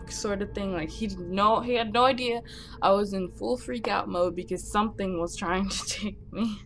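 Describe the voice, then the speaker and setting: A young woman recounts a story in her vlog at a rapid, nervous clip, stressing words as she goes. Her voice sits at an ordinary middle pitch, and music plays clearly behind her. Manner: talks fast when nervous; animated, breathless storytelling. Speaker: vlogger.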